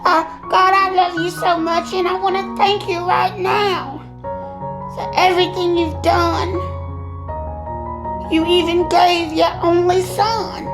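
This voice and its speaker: A mischievous mermaid woman, played by a performer hosts a comedic mukbang skit. Her voice is pitched very high and squeaky, with a gravelly crackle running through it. She drawls slowly and slips into sing-song rhyming prayers. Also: flat delivery, over music, heavily acted. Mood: playful prayer. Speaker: mukbang show host character.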